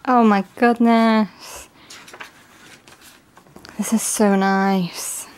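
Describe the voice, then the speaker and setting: A woman gushing excitedly through a casual unboxing, her voice strained and giving out. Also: medium pitch, drawn-out words, clean tone. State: voice giving out, coughing. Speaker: K-pop album unboxer.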